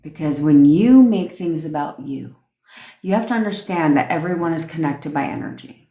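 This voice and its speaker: A young woman rants bluntly on a phone livestream, swearing freely and pressing each point hard. Her voice sits low. The sound bounces around an echoey room. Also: lively intonation, moderate pace, dark tone. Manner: blunt, profane, emphatic. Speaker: manifestation coach. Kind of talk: livestream rant.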